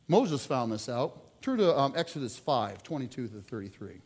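A man preaching a sermon, telling sports stories with lively swings between loud outbursts and quiet asides. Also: mid-range voice, moderate pace, breathy edge, big-room sound.

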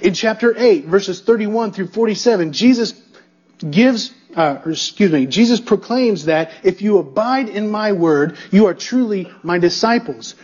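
A male pastor preaches an expository sermon, emphatic and building through repetition while checking in with the congregation. His voice is high, a little mellow, with a breathy edge, and the recording is muffled.

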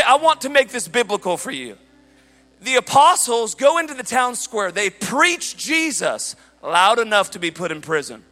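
A man preaching a sermon, telling a story in an animated way and shouting at the high points. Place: church hall. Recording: large hall reverb with faint music.

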